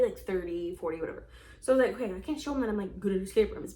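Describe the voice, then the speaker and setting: Chatty young woman in an echoey room. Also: mid-range voice. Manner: chatty, dramatic, lots of fillers. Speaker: escape room vlogger. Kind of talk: casual storytelling monologue.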